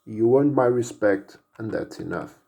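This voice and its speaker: A man's voice: on the low side, unhurried, vocal fry, mellow, muffled recording. A man voicing a vengeful shadow wizard, speaking in a solemn, vowing way. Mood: grim. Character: vengeful male shadow wizard, grim and determined.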